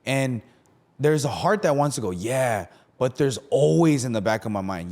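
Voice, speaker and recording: A man's voice: mid-range voice, sing-song, normal speed, darkish tone. A young man, a pastor, talking casually on a podcast, full of fillers and acted-out quotes. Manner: conversational, many fillers, acts out quotes.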